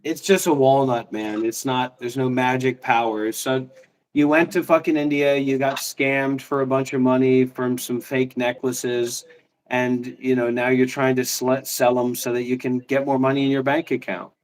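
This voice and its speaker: A man's voice: medium pitch, flat delivery, moderate pace. A man in casual livestream banter, mocking and taunting with a lot of swearing.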